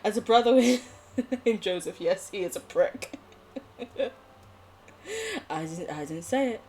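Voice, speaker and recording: A woman's voice: medium pitch, expressive, slow pace, mellow, slight background noise. Giggly young woman streaming a game. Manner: bubbly, giggly, swearing, chatting to viewers. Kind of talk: casual live gameplay chat.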